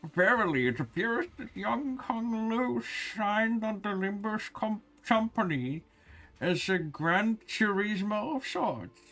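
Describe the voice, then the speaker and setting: A man voicing a theatrical knight-errant woman who speaks in archaic, drawn-out words. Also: medium pitch, big pitch swings, soft background music, voice pushed up, natural voice. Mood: grandiose.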